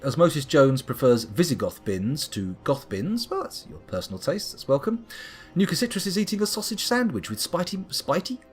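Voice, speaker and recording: A man's voice: fairly high pitch, sing-song, normal speed, faint music behind. A man live-streaming a game, chatting casually and reading viewers' comments aloud as he plays. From United Kingdom. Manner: chatty, reads chat aloud and muses to himself. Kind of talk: live-streamed gameplay chat.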